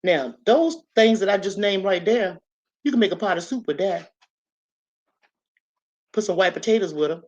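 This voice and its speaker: A woman's voice: mid-range voice, moderate pace, long pauses, darkish tone. A woman hosting a casual instructional vlog, chatty and repetitive, often checking in with "okay?" and "right?". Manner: chatty, repeats herself, asks "okay?" and "right?". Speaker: channel host. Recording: slightly dull lo-fi audio.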